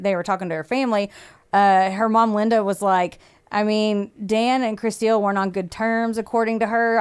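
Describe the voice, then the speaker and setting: A woman's voice: medium pitch, clean tone. A woman hosting a podcast, telling a true-crime story in a casual, swearing, chatty way and acting out what people said. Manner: swears freely, acts out quotes, laughs often. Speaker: podcast host.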